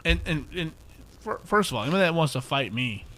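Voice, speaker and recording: A young man co-hosting a casual podcast, his talk salted with profanity. He tells stories in a lively way and turns loud when he acts out what friends said. A faint hiss of noise sits behind his voice. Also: on the high side, fast talker. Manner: profane, animated storytelling, acts out quotes loudly. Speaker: podcast co-host.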